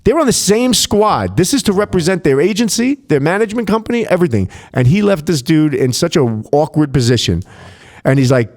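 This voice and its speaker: A man's voice: on the high side, lively intonation, brisk, darkish tone. A man who works as a nightclub DJ, telling casual, profanity-laced anecdotes on a podcast and acting out the dialogue.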